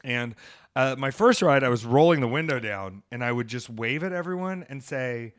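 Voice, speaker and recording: A man hosting a podcast in casual chat, an animated storyteller who bursts into loud acted-out bits. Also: medium pitch, moderate pace, dry recording, studio quality. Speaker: podcast host. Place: near Atlanta.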